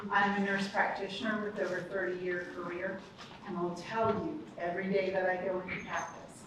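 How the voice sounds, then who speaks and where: A woman, a college dean giving an upbeat, chatty ceremony speech that speaks straight to the audience. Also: on the low side. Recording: echoey hall, distant mic, background noise.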